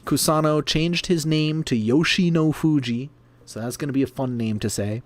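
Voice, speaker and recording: A man's voice: fairly high pitch, moderate pace, dry recording. Chatty, self-mocking man hosting a stream. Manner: chatty, self-deprecating, laughs often. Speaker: sumo livestream host. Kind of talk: casual livestream chat.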